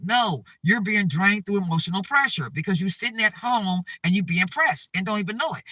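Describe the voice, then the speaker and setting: A man with a high, bright voice delivers an urgent spiritual talk straight to his viewers, circling back to the same warnings and tagging lines with "okay?". The sound is dry and he sits a little back from the mic. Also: dry recording, distant mic. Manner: repetitive, urgent, keeps checking in with "okay?". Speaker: spiritual advice channel host. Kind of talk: preachy spiritual monologue to viewers.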